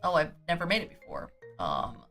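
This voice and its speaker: A woman's voice: sits low, huge pitch swings, fairly quick, fairly bright tone, faint music behind. A woman streaming a cozy farming game, chatting to herself in a goofy way, humming and scatting as she sorts her items. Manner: goofy, hums and scats to herself while sorting items. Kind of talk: casual gameplay chatter. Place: home streaming setup.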